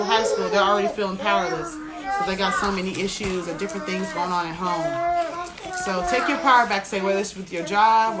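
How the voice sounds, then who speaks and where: A woman's voice: mid-range voice, very noisy. An American woman chatting casually on a live stream, giving motivational tips between frequent laughs.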